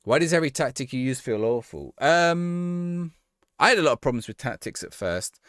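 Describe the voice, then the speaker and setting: A man's voice: mid-range voice, lively intonation, moderate pace, fairly bright tone, clear, resonant tone, no room sound, studio quality. A man streaming a game, reading out viewers' questions and answering them offhand in casual chat, often restarting his sentences.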